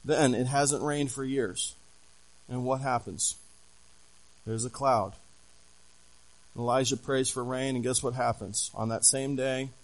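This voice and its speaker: Male pastor, middle pitch, animated storytelling sermon full of questions to the congregation. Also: rough recording.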